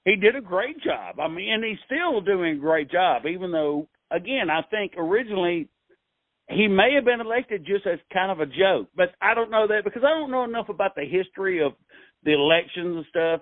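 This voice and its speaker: A man's voice: a little high, animated, a little fast, no room sound, narrow, tinny audio. A male host, rambling in a folksy, joking way through a casual interview. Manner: rambling, folksy, restarts a lot.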